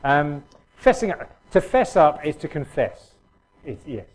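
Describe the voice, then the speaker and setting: A man's voice: a little high, very animated, measured pace, low-quality recording. A middle-aged man preaching a sermon in a conversational way, full of restarts and fillers.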